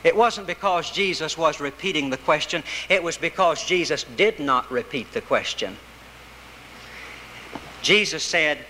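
Male preacher, bright, forceful sermon voice, rhythmic delivery, long hall echo. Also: a little high, moderate pace. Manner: rhythmic preaching with wide swings between raised and hushed delivery. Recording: reverberant hall with faint background noise.

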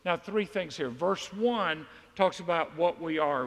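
A man's voice: on the high side, expressive, unhurried, hardly any pauses. A man from Mississippi, preaching a sermon in a folksy, joking, conversational way. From Mississippi, USA. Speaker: pastor. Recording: long reverb of a large hall.

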